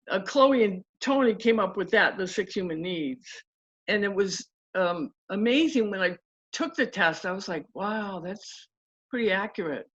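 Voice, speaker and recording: A woman coach in an interview, telling stories with lively acted-out quotes in casual talk. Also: medium pitch. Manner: animated, acts out quotes in story. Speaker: guest coach. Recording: dull lo-fi audio.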